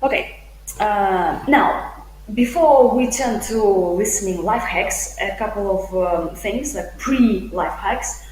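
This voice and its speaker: A woman's voice: mid-range voice, slow pace, darkish tone. Upbeat chatty woman teaching live. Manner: chatty, upbeat, full of fillers, reads viewer comments aloud. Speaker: IELTS teacher. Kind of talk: live-streamed English lesson. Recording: echoey room with faint hum.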